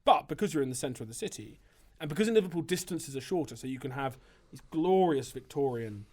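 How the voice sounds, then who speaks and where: A man's voice: mid-range voice, lively intonation, fast talker, a little mellow. A man who is a priest and writer, answering interview questions in a thoughtful, discursive way, with frequent hesitations and restarts. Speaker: priest and writer, podcast guest.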